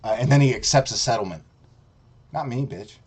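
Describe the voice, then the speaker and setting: A man's voice: mid-range voice, fairly quick, a little mellow, husky. A man streaming a profane, mocking rant, heated and sarcastic. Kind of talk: ranting commentary.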